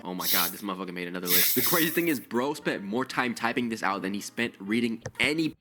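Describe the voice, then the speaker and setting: A man doing excitable, jokey reaction commentary, swearing often. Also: on the low side, fast. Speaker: reaction video creator.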